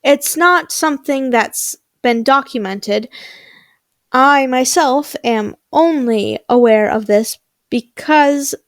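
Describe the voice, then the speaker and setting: A woman's voice: sits high, no echo, clean studio sound, full character voice. Woman reading as a stern elderly headmistress.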